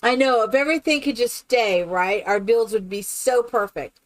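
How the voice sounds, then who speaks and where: A woman's voice: a little high, normal speed, no room sound. Lady gamer on stream, rambling casual chat, lots of likes and you knows. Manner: rambling, chatty, with many fillers and restarts. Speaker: game streamer. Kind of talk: casual chat while building in a game.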